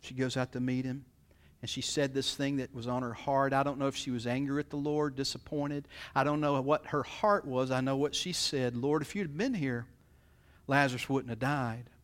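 A man's voice: flat delivery, moderate pace, clear, resonant tone. A man preaching a sermon in a folksy, conversational way, often acting out what people say. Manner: folksy, conversational, acts out quotes with swings in pitch and loudness. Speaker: pastor.

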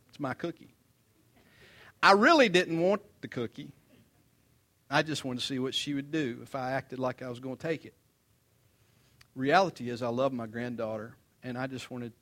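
An older man delivers a sermon with a slightly high-pitched voice. He tells stories in a chatty, animated way, rising to loud emphasis and dropping to quiet asides. His pitch moves freely through each phrase. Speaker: pastor. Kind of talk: sermon with humorous storytelling.

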